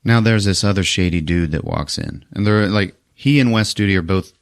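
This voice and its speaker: A man's voice: sits low, moderate pace, vocal fry. A man hosting a podcast, casually retelling a movie plot with profanity and jumping into silly voices for the characters. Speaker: podcast host. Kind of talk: casual movie recap with acted-out lines.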